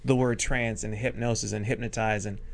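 Gravelly man telling stories animatedly. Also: lowish voice, fairly quick. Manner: animated, acts out the people in his stories. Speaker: stage hypnotist and guest. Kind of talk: comedic storytelling in casual chat.

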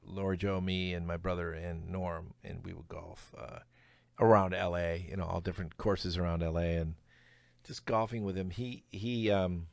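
A man's voice: sits low, normal speed, gravelly, dry recording. A middle-aged man, a comedian guest, telling stories in a casual interview, acting out quotes and laughing as he talks. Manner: animated storyteller, acts out quotes, laughs mid-sentence.

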